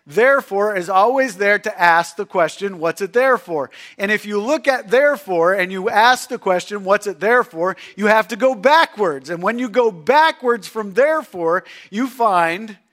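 A pastor preaching a sermon, swinging between loud emphatic lines and hushed near-whispers. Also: male voice, sits high.

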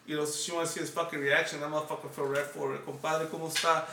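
A man's voice: on the high side, very fast, vocal fry, distant mic, noisy background. A man, hosting and telling profane, laugh-filled stories in casual chat. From Los Angeles. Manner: profane, animated, laughing storyteller. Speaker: podcast host. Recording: echoey room, off-mic.

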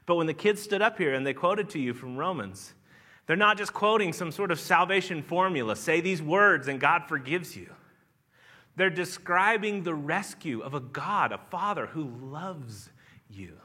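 Bright high-voiced man preaching earnestly. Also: animated, normal speed. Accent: regional American Southern. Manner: earnest, conversational preaching with restarts and emphatic swells. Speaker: pastor. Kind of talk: sermon. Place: church sanctuary.

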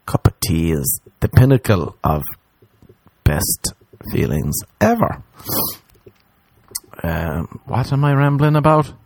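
A man, rambling through a jokey comedy monologue and jumping into high put-on voices. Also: sing-song, takes it slowly, long pauses, darkish tone, no room sound. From Ireland.

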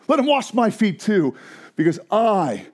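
A gloating, self-righteous churchgoer, as a preacher puts him on, with a high male voice and a mocking edge. He sounds pleased with himself and sure that he is right. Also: big pitch swings, measured pace, exaggerated voice. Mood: smug.

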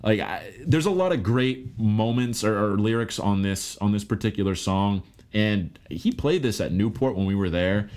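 A man with a slightly low-pitched voice co-hosts a relaxed podcast chat. He talks in an animated way and keeps tossing in quick acknowledgments like "okay" and "gotcha.". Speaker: podcast co-host. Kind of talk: casual chat.

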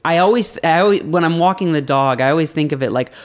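A man's voice: on the high side, quick pace. A man talking casually and candidly, rambling with frequent restarts and easy laughter. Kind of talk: casual podcast conversation.

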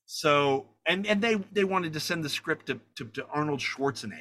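A man telling a story in a conversation, animated and profane, acting out the people he talks about. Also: on the high side, fairly quick, few pauses. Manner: animated, profane, acts out the people in his stories. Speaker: guest filmmaker.

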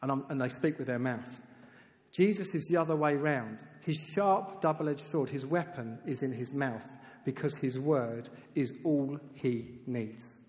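A man preaching a sermon in a lively, conversational way, dropping to soft, emphatic tones for key points. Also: mid-range voice, a little slow. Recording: reverberant hall.

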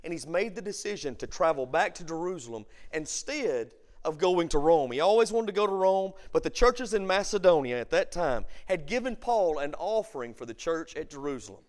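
A man, a pastor teaching a Bible study, who swings from shouted emphasis to quiet storytelling. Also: on the high side, animated, fairly quick, hardly any pauses. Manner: preacher who shouts for emphasis, then tells stories softly.

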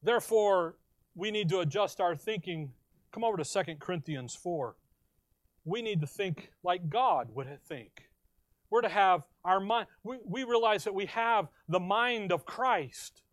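A man's voice: high-pitched, animated, no echo. A man preaching a sermon, reading scripture aloud and firing questions at the congregation before answering them himself. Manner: reads scripture aloud in slow stressed phrases. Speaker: pastor.

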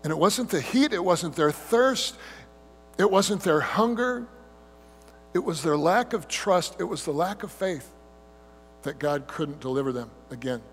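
A man preaching a sermon as pastor, telling the story with animated delivery and mimicking whiny grumbling voices. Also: on the high side, a little slow. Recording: hum with long hall reverb.

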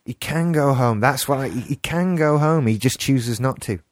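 A man's voice: mid-range voice, normal speed, no room sound, studio quality. A man with an English accent co-hosting a podcast, musing in a casual discussion and thinking aloud with restarts. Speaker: podcast co-host.

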